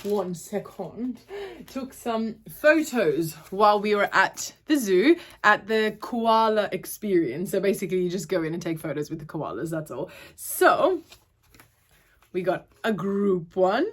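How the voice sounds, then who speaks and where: A woman's voice: medium pitch, expressive, measured pace. A young woman with an Australian accent that drifts towards Irish, chatting casually and rambling in a home vlog to camera. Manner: chatty, rambling, loses her train of thought. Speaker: vlogger. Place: at home, indoors.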